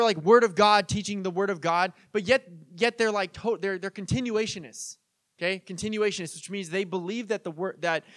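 High-voiced young pastor, chatty sermon. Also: male voice, a bit bright, dry recording, clean studio sound. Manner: chatty, storytelling, acts out quoted voices. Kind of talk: casual conversational sermon.

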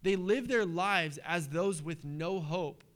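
A man preaching a sermon in a church, animated and conversational, with sudden hushed drops. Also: sits high, slow pace. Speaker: pastor.

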